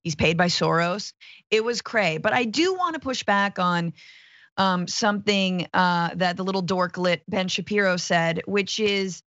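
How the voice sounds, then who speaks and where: A woman's voice: lowish voice, a little slow, a bit bright, no echo, lo-fi sound. Woman, co-host, casual political banter, slangy jokes, dry close audio. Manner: slangy, joking. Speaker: regular co-host.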